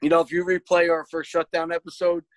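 A man co-hosting a podcast in casual chat, stammering through restarts and swearing, with loud bursts of laughter. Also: a little high, level tone, fast talker, no room sound, poor audio. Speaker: podcast co-host.

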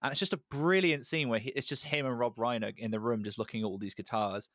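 A man's voice: mid-range voice, quick pace, fairly bright tone, no room sound. Enthusiastic British man, dry close mic. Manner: enthusiastic, acts out quotes in a raised voice. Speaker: podcast host. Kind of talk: casual film discussion.

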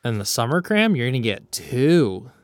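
Male podcast co-host, mid-pitch, crude jokey banter, dry close sound. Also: sing-song, moderate pace, dry recording. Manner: crude, joking, profane banter. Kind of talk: casual chat.

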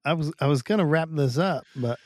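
Mellow-voiced man, blunt podcast chat. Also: on the high side, fairly quick, no echo, clean studio sound. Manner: blunt, animated storyteller, teasing. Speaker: podcast co-host. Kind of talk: casual chat.

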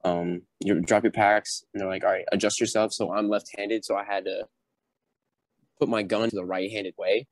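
Speaking at a normal speed in a lowish voice, the young podcast guest, once a recruit, recounts events casually and animatedly acts out the quotes. The recording is dry.

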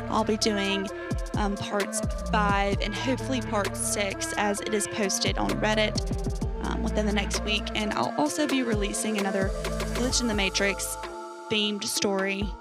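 A young woman hosting a podcast, narrating a first-person horror story in an even storytelling voice. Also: mid-range voice, a little slow, loud music behind the voice. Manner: even storytelling, hesitant um in sign-off.

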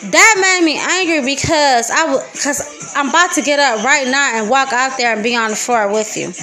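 A woman's voice: high voice, moderate pace, sharp tone, soft background music. A young woman with a Detroit accent, venting profanely and heatedly in a casual podcast monologue. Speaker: podcast host.

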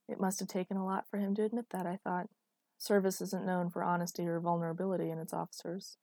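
Low-voiced woman reading a novel. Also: fairly even intonation, a little fast, dark tone, no room sound. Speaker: audiobook narrator. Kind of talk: first-person fiction narration.

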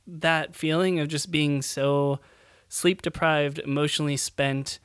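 Rambling young dad in a dry room. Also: male voice, on the high side, steady tone, measured pace, fairly bright tone, smooth, no echo. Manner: rambling, many fillers, laughs while telling stories. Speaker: podcast co-host. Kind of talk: casual chat.

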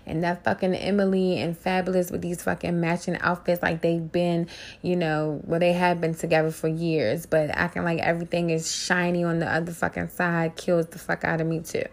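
Brash woman podcast host, gravelly voice with some fry, profane, mocking gossip riffs. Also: on the low side, little pitch movement, moderate pace. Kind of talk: casual gossip commentary.

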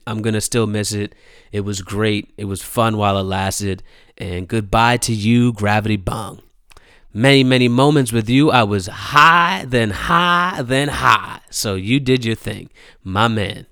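A man delivering a comedic rant about weekly news, animated and incredulous, with frequent laughter and slang. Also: medium pitch, no room sound, clean studio sound. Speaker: vlogger.

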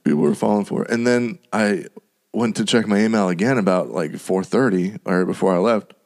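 A man's voice: on the low side, a little fast, a little mellow. A man chatting casually on a podcast, telling a story in a rambling way and laughing often. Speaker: podcast team member. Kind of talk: casual chat.

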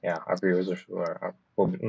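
Deep, gravelly man on a dull lo-fi mic. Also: flat delivery, a little mellow. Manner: halting, repeats words and says "yeah" a lot. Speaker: podcast co-host. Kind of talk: casual chat.

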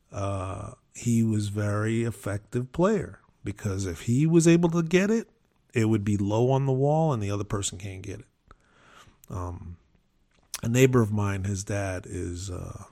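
A man in his fifties chatting casually on a podcast, telling rambling stories with animated asides. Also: fairly low pitch. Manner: rambling, with frequent restarts and animated quoted asides. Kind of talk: casual storytelling chat.

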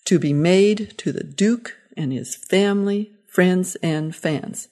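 A fussy, indignant elderly man grumbles his complaints, voiced by a woman reading a storybook aloud. The voice sits on the low side for a woman and stays plainly read rather than heavily acted. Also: takes it slowly, warm tone. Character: cranky elderly father-in-law, indignant and confused.

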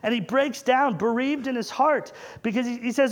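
A man's voice: very high-pitched, very animated, moderate pace, few pauses. A man preaching a sermon in a conversational way, asking the congregation rhetorical questions.

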